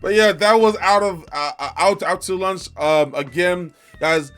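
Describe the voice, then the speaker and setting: A man's voice: sits high, unhurried, fairly bright tone, soft background music. A man hosting a reaction video, chatting casually and laughing along with a comedy special. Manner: laid-back, laughs along, repeats punchlines.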